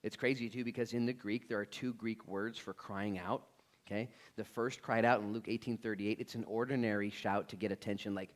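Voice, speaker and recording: A male pastor preaching a sermon in a church with energetic, casual and slangy talk. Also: lowish voice, fairly quick.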